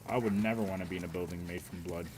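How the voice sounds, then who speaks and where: A man's voice: low voice, steady tone, racing, music in the background. A man streaming a game and bantering with his chat in a casual, sarcastic, profane way.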